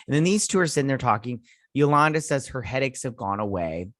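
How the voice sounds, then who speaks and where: A man's voice: mid-range voice, lively intonation, normal speed, dry recording, studio quality. A man hosting a casual TV episode recap, rambling and paraphrasing scenes as he goes. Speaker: host.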